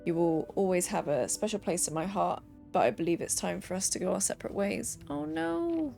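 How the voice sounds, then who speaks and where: A woman's voice: fairly low pitch, a little fast, creaky, dark tone, soft background music. A young woman streaming a game, reading letters and notes aloud with playful asides.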